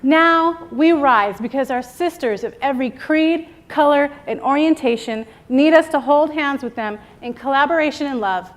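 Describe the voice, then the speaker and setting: Rousing woman speaker, slightly high voice. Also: moderate pace, few pauses. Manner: rousing, call-and-response with the audience. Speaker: keynote speaker. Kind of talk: motivational speech. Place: event stage before a live audience.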